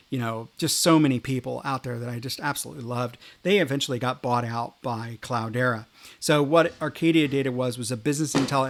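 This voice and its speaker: A middle-aged man hosting a podcast, rambling through animated career anecdotes in a casual monologue. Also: mid-range voice. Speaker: podcast host.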